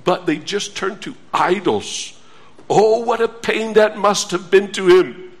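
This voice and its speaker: A man preaching a sermon in a slow, earnest manner, full of rhetorical questions and quoted scripture. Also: sits high, slightly rough.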